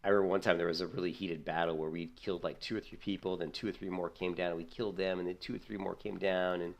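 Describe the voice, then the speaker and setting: A man chatting casually while gaming, telling animated stories and jumping up high when he quotes himself. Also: quick pace, vocal fry, slight background noise. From United States. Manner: storytelling, jumps high when quoting himself. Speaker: gaming streamer.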